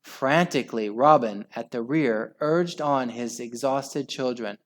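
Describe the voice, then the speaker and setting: Man, storybook reader, slow and deliberate, expressive telling, middle pitch. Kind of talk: reading a children's book aloud.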